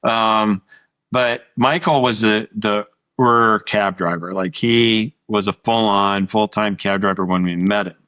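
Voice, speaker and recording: Man, middle-aged, from Montana, anecdotal interview guest, fairly low voice, dry close sound. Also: fairly even intonation, a little slow, bright, forceful tone, smooth, dry recording. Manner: anecdotal, acts out quoted dialogue, swears casually. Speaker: musician guest. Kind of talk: storytelling interview.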